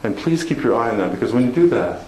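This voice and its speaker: Canadian man, keynote speaker, quick animated storyteller, echoey conference hall. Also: medium pitch. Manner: animated, chatty storytelling with audience laughter. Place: conference hall before an audience. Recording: echoey hall with faint noise.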